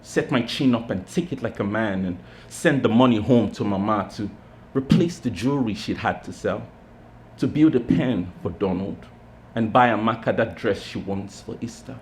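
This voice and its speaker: A man at a pub open mic reading his own short story in a measured, literary way. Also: on the low side, darkish tone, slight background noise. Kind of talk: reading fiction aloud. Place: pub stage.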